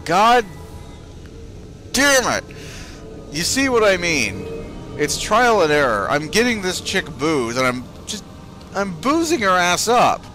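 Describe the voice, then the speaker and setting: Sarcastic, swearing young gaming commentator. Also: male voice, sits high, wildly swooping pitch, measured pace, sharp tone, faint music behind. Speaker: gaming video host. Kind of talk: let's play commentary.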